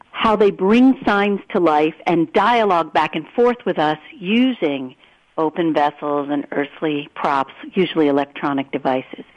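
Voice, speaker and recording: A woman, a guest author on a radio interview, telling personal stories in an animated, earnest way. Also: on the low side, muffled recording.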